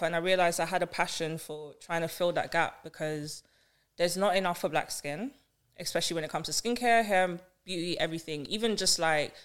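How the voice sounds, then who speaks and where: British woman, podcast guest, casual and animated, quick to laugh. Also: on the low side, smooth. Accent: British English. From United Kingdom. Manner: animated, laughs often, explains patiently. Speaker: podcast guest, skincare influencer.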